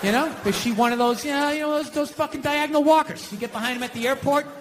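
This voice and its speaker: High, bright-voiced ranting male comedian. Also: fast, a little hiss or hum. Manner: ranting, profane, animated, exasperated. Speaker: stand-up comedian. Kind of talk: stand-up comedy routine.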